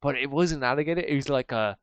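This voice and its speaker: A man voicing a chatty male fisherman who fled a monster, talking in excited, tumbling, rambling bursts. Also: medium pitch, fast, smooth, no echo, lightly acted.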